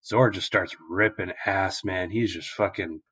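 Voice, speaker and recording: A young male podcast host retells a story in a loose, rambling way and swears often. His voice sits fairly low, and the recording is dull and lo-fi. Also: moderate pace, husky. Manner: rambling, profane, animated retelling. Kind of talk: casual episode recap.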